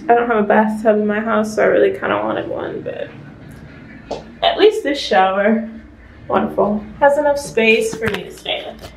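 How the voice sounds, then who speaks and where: A woman's voice: high-pitched, slight background noise, poor audio. A young woman vlogging casually as she shows off her hotel room, chatty and playful. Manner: chatty and animated, playful asides. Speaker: travel vlogger. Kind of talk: casual vlog chat.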